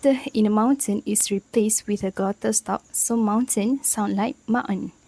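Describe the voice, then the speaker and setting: Young woman, from Malaysia, student presenter, reads from notes, middle pitch, dry close recording. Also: moderate pace, vocal fry, mellow, breathy edge, no echo, rough recording. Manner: explanatory, reads from prepared notes.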